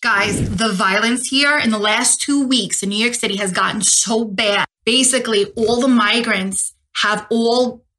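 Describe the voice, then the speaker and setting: A woman's voice: fairly high pitch, measured pace, hardly any pauses, sharp tone, slight background noise. A woman speaking in an angry rant to the camera, with heavy swearing. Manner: angry, profane ranting.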